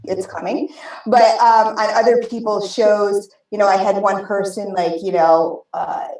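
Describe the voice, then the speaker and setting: A woman's voice: medium pitch, steady tone, unhurried, a little mellow. Rambling American woman in an echoey room. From United States. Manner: rambling, full of restarts and fillers. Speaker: guest vape show host. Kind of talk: casual podcast chat. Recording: roomy, distant mic.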